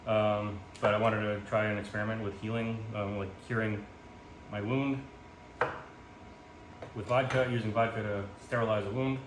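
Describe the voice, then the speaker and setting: Lowish-voiced guy rambling and joking while he cooks, phone mic, roomy kitchen, noisy background. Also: level tone, normal speed, long pauses. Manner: rambling, joking, self-mocking, lots of ums. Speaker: home cook vlogger. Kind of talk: casual cooking vlog chat. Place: home kitchen. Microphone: phone camera in portrait mode. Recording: echoey room with background noise.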